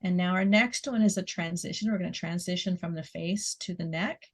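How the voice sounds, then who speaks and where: A woman leading a guided muscle relaxation exercise, giving gentle step-by-step instructions and counting down. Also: on the low side. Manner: slow, soothing instructions with soft laughs.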